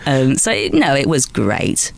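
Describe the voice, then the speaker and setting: A woman in her forties from Lancashire, England, telling lively stories in an interview as a guest actress, often restarting sentences. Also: rumbling low, unhurried, gravelly. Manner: lively anecdotal storytelling, frequent restarts and small laughs. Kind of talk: chatty interview answers.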